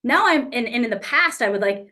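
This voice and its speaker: A woman's voice: fairly high pitch, brisk. A woman coach giving a casual teaching talk to an online group. She speaks frankly, swears freely and acts out the exchanges she describes. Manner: lively, acts out quoted exchanges.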